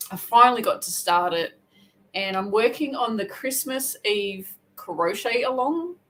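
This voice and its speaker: Australian woman, crochet livestream host, relaxed rambling chat. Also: medium pitch, slight background noise, low-quality recording. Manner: chatty, rambling, quick self-corrections. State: hair wet, just out of the shower. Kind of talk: casual live chat.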